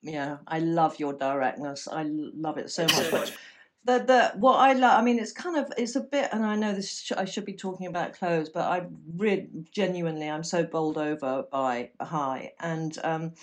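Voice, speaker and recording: A woman's voice: low-pitched, normal speed. Gushing woman interviewer. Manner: enthusiastic, rambling, many restarts. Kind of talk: casual interview chat.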